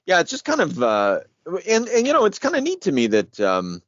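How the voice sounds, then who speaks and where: Guy hosting a comics podcast, super animated, laughs a lot, curses, dry muffled sound. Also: sits high, brisk, no room sound. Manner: animated, laughing, swears freely. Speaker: podcast co-host. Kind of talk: casual comic book discussion.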